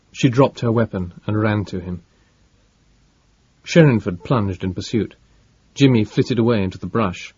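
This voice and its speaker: A man reading an audiobook in a measured, dramatic narration. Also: on the low side, a little mellow, slightly rough, highs cut off.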